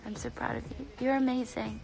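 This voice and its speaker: A young woman from the UK chatting on a phone livestream, bubbly and excitable, reading out viewers' comments. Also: fairly high pitch, a little fast, gravelly, faint music behind. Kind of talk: casual live stream chat.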